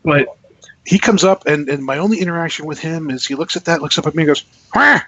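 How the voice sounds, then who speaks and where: A man, a guest author, telling an animated anecdote in casual podcast chat, acting out the people in his story. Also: on the high side, quick pace. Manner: animated storyteller, acts out quotes. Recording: muffled lo-fi podcast audio.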